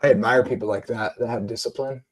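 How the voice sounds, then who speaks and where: Hombre apasionado y sarcástico. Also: male voice, mid-range voice, steady tone, quick pace, slight background noise. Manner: passionate, sarcastic, indignant. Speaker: Christian video host. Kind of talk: ranting monologue and comment reading.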